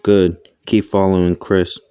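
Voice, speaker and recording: A hidden, scheming villain who gloats in a dark, low voice, as a man reads his lines. The delivery is flat and close to the mic. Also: a little slow, clear, resonant tone, no room sound, highs cut off. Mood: gloating. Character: unseen scheming villain lurking in shadows.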